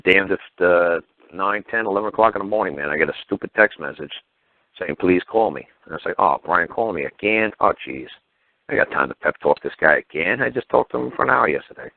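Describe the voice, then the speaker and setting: Deep-voiced blunt, profane radio host. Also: male voice, lively intonation, fairly quick, vocal fry. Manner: blunt, profane, heated storytelling. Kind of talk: call-in radio talk. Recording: phone-like narrow audio.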